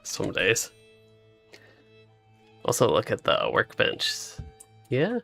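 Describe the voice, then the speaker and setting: Male gaming streamer, sleepy and easygoing, gravelly voice, light music behind. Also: lowish voice, slow. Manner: relaxed, rambling, laughs often. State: sleepy, yawning. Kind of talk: casual co-op gameplay chat.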